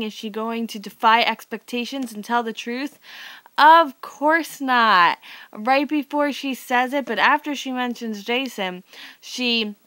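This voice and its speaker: A woman's voice: fairly high pitch, fairly bright tone, no room sound. A young woman in her twenties recapping a soap opera to camera, sarcastic and rambling, full of "like" and fed-up asides. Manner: exasperated, sarcastic, rambling with many likes. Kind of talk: casual chat to camera.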